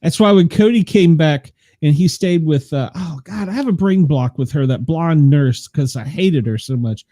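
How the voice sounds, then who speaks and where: A man's voice: fairly high pitch, expressive, moderate pace, few pauses, warm tone, dry recording. A man hosting a podcast in casual chat, gossipy and profane, often laughing as he talks. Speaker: podcast host.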